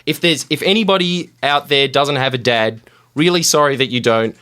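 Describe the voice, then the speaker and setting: A man's voice: mid-range voice, normal speed, bright, forceful tone, clean tone. A man hosting a casual podcast, telling history with jokey, mock-solemn asides. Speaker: podcast host. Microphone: studio mic.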